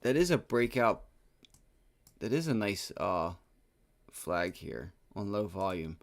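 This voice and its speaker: A man's voice: lowish voice, very animated, slow. A man hosting a live day trading stream, thinking aloud over charts and cursing when trades go wrong, with an aching back. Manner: profane, frustrated outbursts. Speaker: day trading livestream host.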